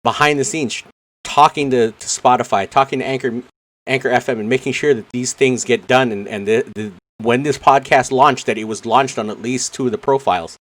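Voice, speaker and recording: A man's voice: mid-range voice, fairly quick. A man co-hosting a casual gaming podcast, talking earnestly and rambling with frequent restarts. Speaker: podcast co-host.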